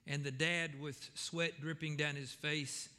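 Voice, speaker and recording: A man's voice: fairly high pitch, little pitch movement, measured pace, sharp tone, long reverb tail. A man preaching a sermon in a church, talking in a conversational way with fillers and restarts, then building to emphatic questions. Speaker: pastor. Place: church sanctuary.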